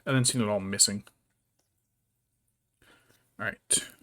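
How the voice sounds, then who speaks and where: A man's voice: fairly low pitch, fairly even intonation, slow pace, a bit bright. A man streaming as a vtuber, chatting casually and muttering to himself while he paints miniatures. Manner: rambling, mutters to himself, baby-talks his cat. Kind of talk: casual chat while working.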